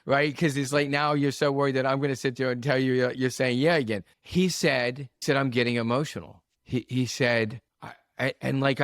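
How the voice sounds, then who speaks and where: A man who works as a coach, a guest on a podcast, telling stories in a lively way and acting out what people said. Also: medium pitch, no room sound, clean studio sound. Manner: storytelling, animated, acts out quotes. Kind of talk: casual podcast conversation.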